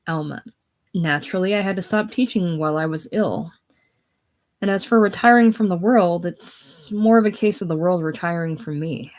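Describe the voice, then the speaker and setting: A woman reading the part of a prim, refined young Southern woman who is reserved and weary, speaking softly and formally. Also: fairly low pitch, moderate pace, close to an everyday voice. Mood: subdued. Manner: soft, subdued, formal. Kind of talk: casual play reading.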